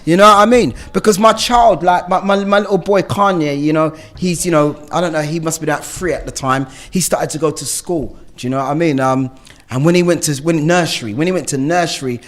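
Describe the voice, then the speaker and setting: A middle-aged man, telling his recovery story in a lively way, often laughing and asking "do you know what I mean?". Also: a little high, brisk. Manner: animated storytelling with frequent laughs and rhetorical questions. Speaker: recovery speaker. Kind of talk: personal recovery share.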